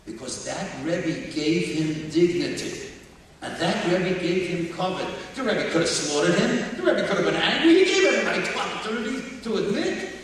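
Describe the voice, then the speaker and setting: A man's voice: high voice, animated, normal speed. A man telling stories in a sermon and animatedly acting out the characters, recorded from a distance in an echoey hall with faint noise. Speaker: speaker. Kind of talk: storytelling sermon.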